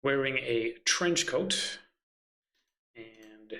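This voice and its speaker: A man's voice: medium pitch, very slow, bright, forceful tone. A man running a tabletop game, muttering and swearing to himself as he hunts for his notes. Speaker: game master.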